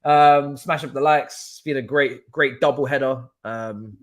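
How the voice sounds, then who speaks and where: Speaking a little slowly in a medium pitch, this young streamer rants his way through a football watchalong. His casual chat is emphatic and repetitive, broken up by laughter.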